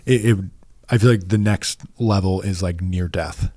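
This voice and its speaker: A man, a podcast guest, telling his story in a rambling, halting way with many restarts. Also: low voice, darkish tone, no echo. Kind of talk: casual storytelling interview.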